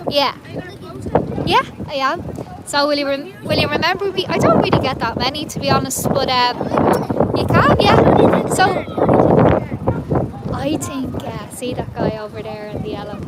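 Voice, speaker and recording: An Irish woman livestreaming from a street protest, chatting to her viewers in a giggly way. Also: high voice. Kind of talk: casual live-stream chat. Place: outdoors at a street protest beside traffic. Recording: loud traffic noise behind.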